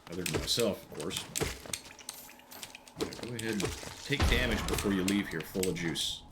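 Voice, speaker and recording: Very deep-voiced man streaming a game. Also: normal speed, heavy background noise. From American Midwest. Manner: relaxed, wry, muttering to himself between remarks. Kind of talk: casual gameplay commentary chatting with viewers.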